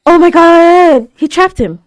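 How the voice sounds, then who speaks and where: A woman reacts aloud to an anime episode, her high voice leaping all over its range. She gasps, stammers and exclaims nonstop. The sound is close and dry. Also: animated, unhurried, dry recording. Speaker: reaction video host. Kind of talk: live anime reaction commentary.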